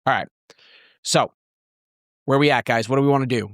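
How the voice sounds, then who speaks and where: A man's voice: medium pitch, moderate pace, no room sound. A man in the game master's seat, talking through the scene in a loose, rambling way with lots of restarts. His voice sits mid-range and comes across dry and close, with no room sound. It sounds like a podcast mic. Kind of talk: narrating a tabletop game.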